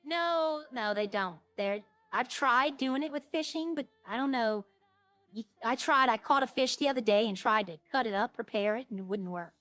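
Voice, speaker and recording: A woman's voice: fairly high pitch, moderate pace, fairly bright tone, no echo, faint music behind. A woman streaming a roleplay game, chatting casually and rambling as she plays. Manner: rambling, chatty, trailing off and restarting. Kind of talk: casual streaming chat while playing.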